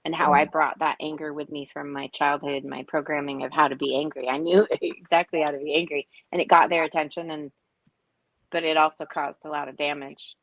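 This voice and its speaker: A woman in her forties on a video call, telling personal stories in an earnest, reflective way with many pauses. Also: deep voice, vocal fry, dry recording, low-quality recording. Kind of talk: casual heartfelt group chat.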